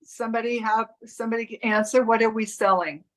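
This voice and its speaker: A woman's voice: a little high, fairly even intonation, a little fast, a bit bright, rough recording. A woman coach teaching a live online class, walking students step by step through marking up a commercial script, with frequent restarts.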